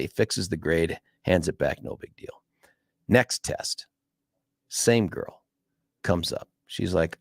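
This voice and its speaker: A talk radio host speaks alone in a fairly low voice that swings widely in pitch as he tells a story and mimics the people in it. The studio sound is dry and close. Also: a little slow, creaky, no room sound. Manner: animated storyteller acting out quoted voices.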